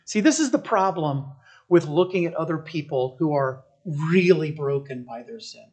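A pastor preaching a sermon. The pastor tells the story in an animated way, often checking in with listeners and restarting phrases while thinking aloud. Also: medium pitch, normal speed. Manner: animated storytelling, keeps asking listeners "right?".

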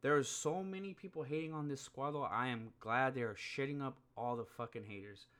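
A man's voice: mid-range voice, brisk, fairly bright tone, clean tone. Man ranting profanely about sports. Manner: profane, heated, rambling with fillers. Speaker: sports podcaster. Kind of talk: casual sports rant.

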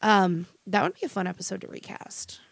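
Animated swearing woman podcast co-host. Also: medium pitch, fairly quick, creaky, slight background noise. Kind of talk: casual podcast chat.

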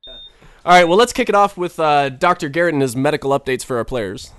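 A man's voice: a little high, animated, brisk, no room sound. A man hosting a casual sports podcast, starting segments and asking follow-up questions. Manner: inquisitive, asks follow-up questions. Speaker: podcast host.

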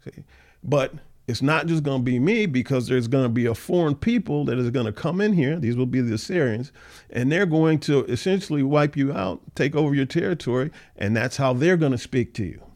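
A man leading an informal Bible study, reading scripture aloud and then explaining it conversationally, with frequent fillers and animated, mocking paraphrases of the people in the text. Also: medium pitch, fairly quick. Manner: animated, acts out the scoffers' voices in a mocking tone. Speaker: Bible teacher.

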